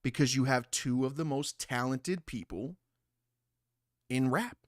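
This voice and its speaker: A young man hosting a livestream, ranting loudly and profanely about a rap feud while reading chat aloud. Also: mid-range voice, unhurried, no room sound, studio quality. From Italian heritage. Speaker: livestream host. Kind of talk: casual livestream commentary.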